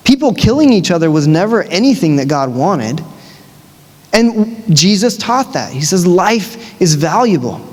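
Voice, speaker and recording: A man with a high voice delivers a sermon in a large church. He tells the story casually, with lively, conversational asides. His voice carries a long reverb that rings around the hall. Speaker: preacher.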